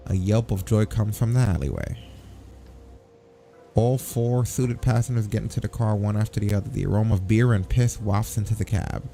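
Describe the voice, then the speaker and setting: A man hosting a let's play, reading the game's text aloud with wry, deadpan asides. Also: lowish voice, normal speed, gravelly, faint music behind.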